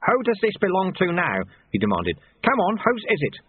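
A man voicing a calm, earnest young man in an audiobook. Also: sits high, normal speed, husky, no echo, narrow, tinny audio.

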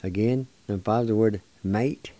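An older man teaching words of his language on a radio show, slowly spelling and pronouncing each syllable with patient encouragement. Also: lowish voice, warm tone. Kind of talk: slow spelling and pronunciation lesson.

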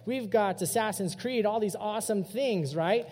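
A young youth pastor delivers a sermon to a youth group, telling stories in a casual, animated way at a moderate pace. His high voice is mellow and relaxed, ringing with a hall's long reverb.

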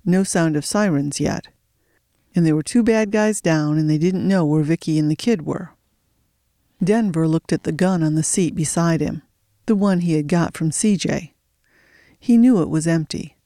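A narrator reading a thriller audiobook in a steady storytelling voice, slowing for suspense. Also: mid-range voice, no room sound, clean studio sound.

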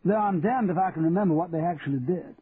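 A man's voice: high voice, quick pace, slightly rough, no room sound, voice pushed up. A man doing a bluff, hearty English lord. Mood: jovial. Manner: blustering, jovial, old-fashioned oaths. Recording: tinny, phone-like audio, faint hiss.

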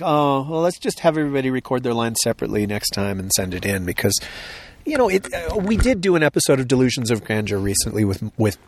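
Lively, animated man chatting. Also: fairly high pitch, no room sound. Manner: animated, rambling with restarts. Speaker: podcast co-host. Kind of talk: casual chat. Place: outdoors on a hill.

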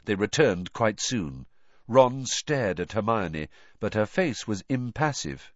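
A man narrating an audiobook in an expressive, animated reading. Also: lowish voice, slow, no echo, muffled recording.

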